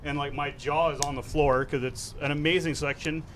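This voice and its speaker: High-voiced man telling an animated story. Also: fairly quick, slight background noise. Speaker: podcast guest. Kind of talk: casual anecdote telling.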